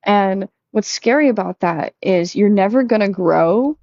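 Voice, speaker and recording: A young woman chats openly, with plenty of filler words, now and then jumping higher to act out what someone said. Her voice is mellow and warm. The recording is dry and slightly dull. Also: lively intonation, measured pace, no echo. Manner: chatty, lots of "like", acts out quotes in a higher voice. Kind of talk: casual confessional chat.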